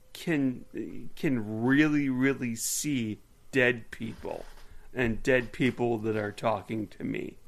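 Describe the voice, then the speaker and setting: A man's voice: mid-range voice, steady tone, slow, vocal fry. A man in his forties co-hosting a podcast, chatting casually and rambling with lots of ums and laughter. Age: 40s. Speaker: podcast co-host. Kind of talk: casual chat.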